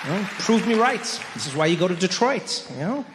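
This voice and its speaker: A man's voice: sits high, big pitch swings, a little fast, in a large hall, a crowd in the background, noisy background. A man performing stand-up comedy on stage, telling stories in a playful way and acting out voices. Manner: playful storytelling, acts out voices. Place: comedy stage before a live audience.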